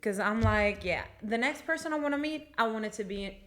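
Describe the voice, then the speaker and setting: A young woman chats casually as a podcast co-host, acting out dialogue as she tells a story. Her voice sits a little high, and she swears freely. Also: animated, a little fast, a bit bright.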